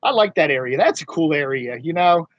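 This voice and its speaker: A man's voice: a little high, lively intonation, fairly quick, dry recording, muffled recording. A man hosting a casual live stream, chatting with viewers in a rambling, chuckling way. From mid-Atlantic United States. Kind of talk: casual live chat reading viewer comments. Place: home studio in Northern Virginia.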